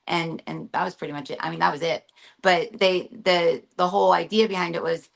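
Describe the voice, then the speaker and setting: A woman co-hosts a casual spiritual talk in a low voice with a gravelly edge. She talks listeners through practices step by step and voices the thoughts they might have along the way. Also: lively intonation, a little fast. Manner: explanatory, walks through steps and acts out inner voices. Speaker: spiritual guide and co-host.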